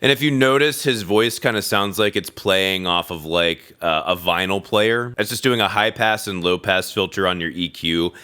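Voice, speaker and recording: A man's voice: deep voice, moderate pace, hardly any pauses. A man hosting a music reaction, explaining chords and theory in a casual, enthusiastic, profane way. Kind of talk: casual music analysis over a playing track. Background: loud rock song playing.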